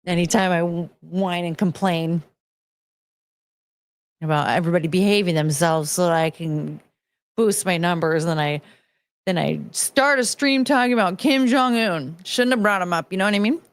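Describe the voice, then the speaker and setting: A woman's voice: fairly low pitch, moderate pace. A young woman hosting a casual commentary stream, rambling and swearing, slipping into mocking voices when she quotes people. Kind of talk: casual rambling livestream chat.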